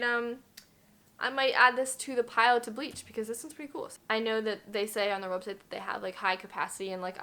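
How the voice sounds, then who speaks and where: A thrift vlogger in her twenties chats her way through an unboxing review, self-deprecating and full of fillers. Her voice is medium-pitched, bright and forceful.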